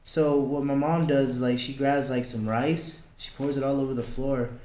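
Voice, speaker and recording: A man's voice: mid-range voice, fairly even intonation, normal speed, darkish tone. Young guy on a podcast, casual storytelling, cusses a lot, roomy echo. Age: young adult. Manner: blunt, swears often, acts out quoted lines. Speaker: podcast guest.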